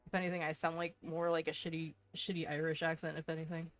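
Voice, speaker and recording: A woman's voice: deep voice, little pitch movement, quick pace, faint music behind. A young woman chatting casually to her stream while playing a game, laughing and swearing as she goes. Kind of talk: casual live-stream chat.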